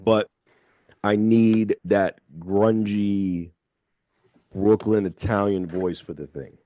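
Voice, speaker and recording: A man hosting a radio show, talking in a measured, thoughtful way and slowing down to stress his points. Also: on the low side, fairly even intonation, mellow, dry recording. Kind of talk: casual radio chat. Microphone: studio microphone.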